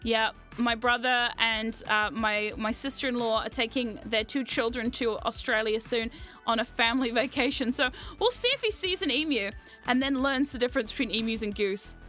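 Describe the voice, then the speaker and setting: A woman vlogger chatting casually, telling animated stories, often laughing and swearing freely. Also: a little high, moderate pace, soft background music. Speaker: VTuber vlogger. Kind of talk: casual storytelling chat.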